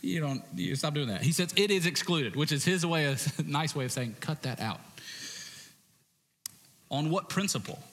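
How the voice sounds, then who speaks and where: A man preaching a sermon as pastor, conversational with jokey asides and sudden shouted bursts. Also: fairly high pitch, lively intonation, a little fast, few pauses, long reverb tail. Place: church stage.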